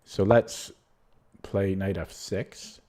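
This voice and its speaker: A man's voice: deep voice, steady tone, extremely slow, a little mellow. A man streaming live chess, thinking aloud in a casual, rambling way and muttering moves half to himself. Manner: casual, self-deprecating, rambling asides. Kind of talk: live commentary while playing online chess.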